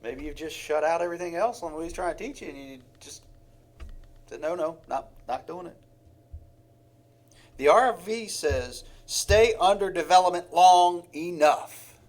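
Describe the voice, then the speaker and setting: A man's voice: on the high side, normal speed. A man preaching a sermon in a heartfelt way, with sighs and acted-out examples.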